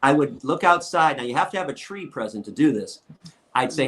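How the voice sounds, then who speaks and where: Animated and fairly quick, this middle-aged activist and guest lecturer speaks in a mid-range, fairly bright voice while telling interview stories. He is blunt, fired-up, and profane, performing quotes from others as he tells them.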